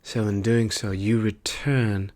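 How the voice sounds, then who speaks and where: A wry male trickster god, now a weary file clerk, murmurs in whispered role-play, as a man plays him. The voice sits fairly low and unhurried, drawn out with long pauses, soft and musing. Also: fairly even intonation. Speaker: ASMR performer.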